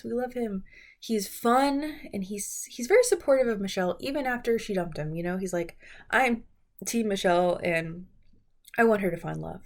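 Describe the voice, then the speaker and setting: A young woman chatting casually and playfully about reality TV contestants in a vlog. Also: mid-range voice. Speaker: beauty and reality TV vlogger.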